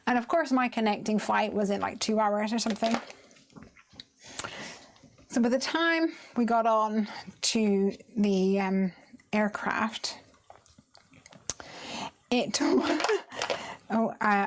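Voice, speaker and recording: A woman hosting a live crafting stream, chatting casually and laughing often as she tells stories and works, sometimes muttering quietly to herself. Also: medium pitch, a little hiss or hum. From United Kingdom. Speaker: craft livestream host. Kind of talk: casual chat while crafting.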